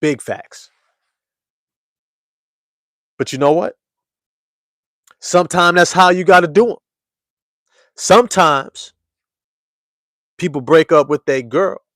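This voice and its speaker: A man hosting a casual basketball fan show, talking to his live chat in animated slang and repeating lines for emphasis. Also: measured pace, pauses often, no room sound, clean studio sound. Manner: animated storyteller, swings from loud hype to low murmur. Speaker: sports show host.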